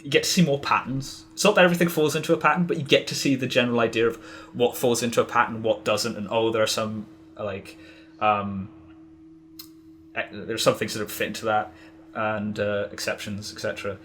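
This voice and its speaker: A man's voice: lowish voice, little pitch movement, a little fast, fairly bright tone. Rambling man talking casually, faint hum. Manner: rambling, many fillers and restarts. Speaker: podcast guest. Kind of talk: casual interview chat.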